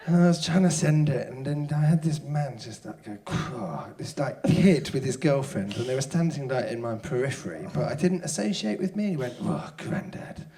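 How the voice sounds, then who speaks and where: A man's voice: mid-range voice, expressive, fairly quick, hardly any pauses, dark tone. A man in his thirties telling a rambling, self-deprecating comic story as a podcast guest, swearing freely. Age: 30s. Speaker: comedian guest.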